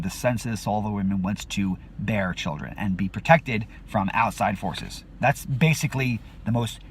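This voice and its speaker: A man hosting a video, talking in a casual rambling monologue full of restarts and fillers. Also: slight background noise. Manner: acts out quotes with sudden high-pitched outbursts. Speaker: video host.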